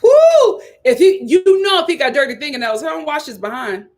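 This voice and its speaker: A young woman, hosting a live-stream review and ranting in animated, casual commentary, repeating lines for emphasis. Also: quick pace. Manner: animated, repeats lines for emphasis, swings between loud outbursts and low mutters. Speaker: YouTube reality-TV reviewer.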